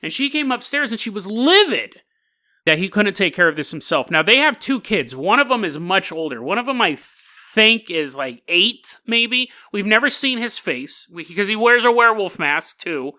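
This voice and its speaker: A man's voice: sits high, sing-song, moderate pace, sharp tone. A man hosting a podcast, telling a strange story in a casual, wry way and laughing at his own asides. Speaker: podcast host.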